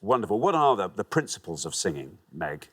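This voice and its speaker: A man's voice: lowish voice, very animated, a little fast, fairly bright tone. A man hosting a TV quiz show, chatty and jovial with the contestants. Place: TV studio.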